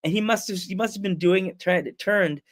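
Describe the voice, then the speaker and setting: Animated man telling a story. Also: high-pitched, brisk. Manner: animated storyteller, acts out voices, laughs a lot. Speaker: podcast host. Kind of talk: casual storytelling chat.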